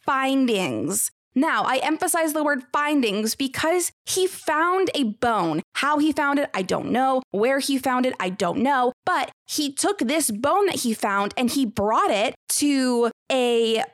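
A woman hosting a podcast in casual chat, animated and incredulous, speaking bluntly and swearing now and then. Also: sits high, measured pace, hardly any pauses, dry recording, clean studio sound. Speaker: podcast host.

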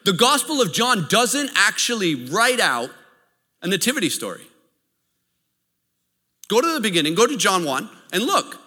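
Bright, animated preacher man in a reverberant hall. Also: sits high, moderate pace, pauses often. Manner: lively storytelling, checks in with the audience. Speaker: pastor. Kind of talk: sermon.

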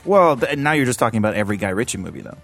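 A man on a film podcast panel with a somewhat low voice. He teases the others drily in casual chat, with faint music behind. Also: sing-song, very fast, vocal fry, a bit bright. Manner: dry, teasing.

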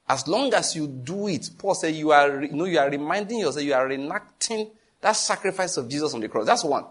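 A man's voice: a little high, lively intonation, fairly quick, slightly rough. A man preaching a sermon as pastor, emphatic, repeating phrases and acting out stories.

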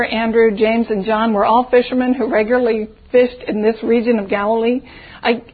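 A woman with a somewhat high, husky voice teaches a Bible passage in a relaxed, conversational way. She thinks aloud and keeps posing rhetorical questions. The sound is thin and tinny, like a phone line. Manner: reflective, poses rhetorical questions.

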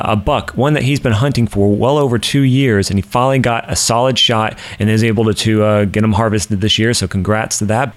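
A man hosting a podcast, telling jokes in a rambling, casual way and enjoying his own jokes. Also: mid-range voice. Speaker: podcast host. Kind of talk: casual joke-telling chat.

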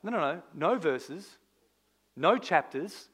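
Male pastor, slightly high voice, lively conversational sermon delivery. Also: slow, breathy edge. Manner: animated, conversational preaching with rhetorical questions.

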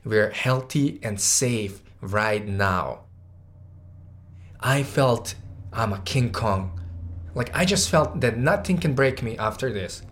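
A man's voice: mid-range voice, expressive, slow pace. A young man telling a personal story, casual and heartfelt, with many "like"s. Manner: casual, says "like" often, grows louder and more emotional. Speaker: guest storyteller.

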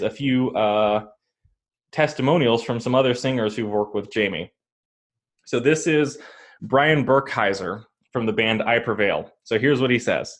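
Chatty man telling a personal story. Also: mid-range voice. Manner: rambling, full of fillers and restarts. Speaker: podcast co-host.

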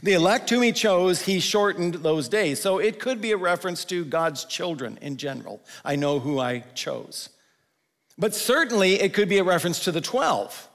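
A male pastor giving a conversational sermon, slowing down to stress the scripture he quotes. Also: high voice, big pitch swings, fairly bright tone, long reverb tail. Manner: conversational preaching, quotes scripture with slowed emphasis.

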